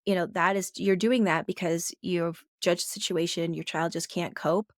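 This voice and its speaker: A woman's voice: lowish voice, fairly even intonation, moderate pace, no room sound, clean studio sound. A woman co-hosting a parenting podcast in casual conversation, talking in a reflective way and thinking aloud with many fillers.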